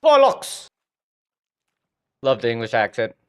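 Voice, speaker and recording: Lively, excitable male game streamer. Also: medium pitch, measured pace. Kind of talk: live gameplay commentary.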